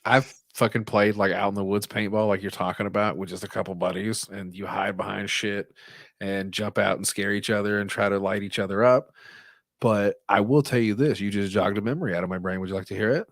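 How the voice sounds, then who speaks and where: A man co-hosting a podcast, telling a crude story in a loose, animated way and swearing a lot. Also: lowish voice, fairly quick, no echo. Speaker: podcast co-host. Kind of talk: casual storytelling chat.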